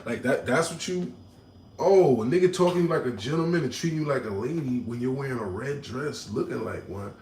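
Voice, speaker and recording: Animated slangy man telling a story. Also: medium pitch, normal speed, vocal fry, reverberant, slight background noise, low-quality recording. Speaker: livestream host. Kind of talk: casual livestream chat reading comments. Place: home room.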